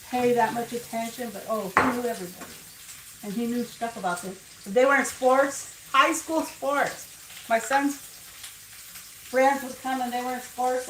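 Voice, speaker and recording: An older woman hosting a casual home cooking demonstration, chatting and wandering into family stories as she works. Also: on the high side. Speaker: cooking show host. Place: home kitchen. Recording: echoey kitchen, distant mic, frying noise. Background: sizzling and frying food.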